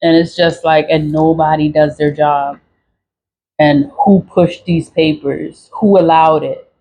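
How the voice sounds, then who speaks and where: A woman's voice: sits low, fairly even intonation, takes it slowly, mellow, slight background noise, low-quality recording. A woman vlogger venting to camera in a profane, repetitive rant, with short laughs and sighs. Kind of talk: angry venting monologue to camera.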